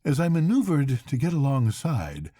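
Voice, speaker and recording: An older man, a grandfather, reading a classic novel aloud to his grandchildren at bedtime in an unhurried, expressive way. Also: medium pitch, no echo, clean studio sound.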